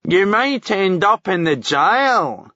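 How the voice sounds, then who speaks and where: A man's voice: high voice, big pitch swings, slow pace, sharp tone, dry recording, lo-fi sound, voice pushed up, exaggerated voice. A man reading a novel aloud, voicing a cocky young male prisoner from Glasgow who talks in a mocking, swaggering, foul-mouthed way in a Glaswegian accent.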